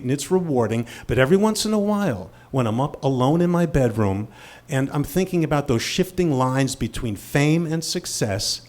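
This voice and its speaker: A man in his fifties telling a personal story on stage, animated and self-deprecating. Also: a little high. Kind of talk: live storytelling.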